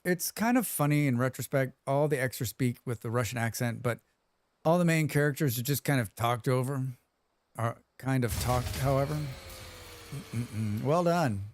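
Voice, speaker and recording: A man's voice: medium pitch, moderate pace, no room sound. A man streaming a survival game live, chatting casually, reading viewer comments aloud and humming to himself as he plays. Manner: chatty, reads chat aloud and hums to himself.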